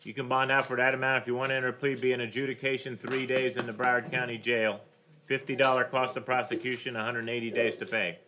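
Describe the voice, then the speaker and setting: Brisk judge reading bonds, noisy recording. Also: male voice, mid-range voice, little pitch movement. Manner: brisk, formal, rattles off charges and bonds. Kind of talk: presiding over bond hearings. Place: courtroom.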